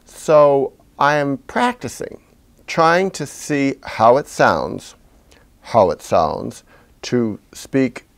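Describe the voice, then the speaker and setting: A man talking slowly and haltingly to his camera, deliberately pitching his voice low from the chest while he reflects out loud. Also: creaky. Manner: slow, halting and self-searching, deliberately speaking low from the chest. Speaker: video blogger. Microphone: camera he is sitting in front of.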